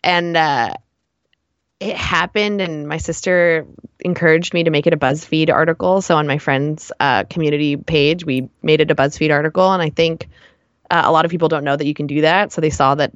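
A woman's voice: sits low, dry recording, dull audio. A woman guest on an interview, telling stories in a chatty way and laughing often. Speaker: guest, running blogger. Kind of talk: casual interview chat.

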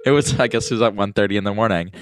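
A man's voice: fairly low pitch, rapid-fire. A young man telling a prank story in a rambling, casual way, laughing as he goes. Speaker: guest grandson. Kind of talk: casual anecdote.

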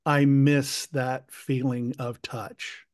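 A man hosting an interview, speaking in a thoughtful, measured way. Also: mid-range voice, level tone, no echo, studio quality. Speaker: interview host. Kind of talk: casual interview.

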